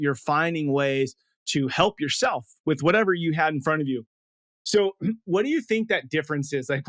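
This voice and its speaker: A man's voice: a little high, fairly bright tone, dry recording. Dry-voiced man hosting a podcast. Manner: enthusiastic and informal, peppered with "like" and "dude". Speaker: podcast host. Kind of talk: casual interview conversation.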